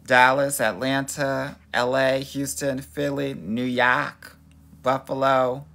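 A man's voice: medium pitch, little pitch movement, slow pace, gravelly, pushed and bright. A man from Los Angeles, a dating coach hosting a live stream, greeting viewers and reading their comments in a sassy, playful way, calling them honey and girl. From Los Angeles, USA.

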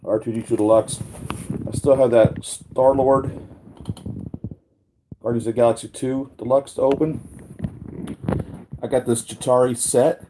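A man's voice: medium pitch, background noise. A man hosting a casual live unboxing stream, talking in an easygoing, rambling way with asides to his viewers.

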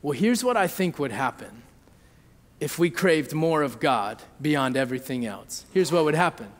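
With a voice on the high side, lively intonation and normal speed, a pastor in his thirties shares a family story during a sermon, speaking conversationally and frequently checking in with listeners. Long reverb fills the church hall recording.

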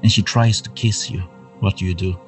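A man narrating a tabletop horror game as game master, measured and full of uh fillers. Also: on the low side, fairly even intonation, soft background music, poor audio.

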